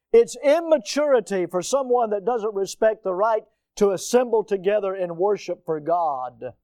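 Emphatic middle-aged male pastor, high voice, dry close sound, addresses the congregation as folks. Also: no room sound. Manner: emphatic preacher, swings from loud asides to low, earnest stresses; addresses listeners directly as folks. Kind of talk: sermon.

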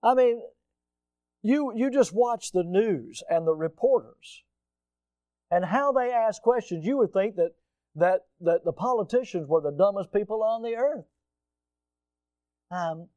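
A middle-aged male pastor preaching a sermon, emphatic, swinging from loud rising asides to low earnest stresses and calling his listeners folks. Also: animated, unhurried, long pauses, dry recording, highs cut off. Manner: addresses listeners directly as folks.

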